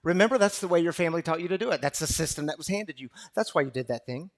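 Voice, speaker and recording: A man preaching a sermon to a recovery gathering, impassioned and repetitive, swinging from loud to hushed. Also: a little high, expressive, rapid-fire. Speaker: pastor.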